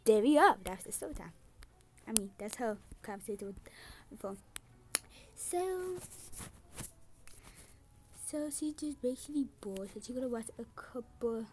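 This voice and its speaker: A woman's voice: fairly high pitch, lively intonation, moderate pace, long pauses, darkish tone, slight background noise. A woman hosting a gaming channel, chatting casually and rambling as she plays and makes up a story. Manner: rambling, chatty, with sudden outbursts. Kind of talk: casual gameplay commentary with storytelling.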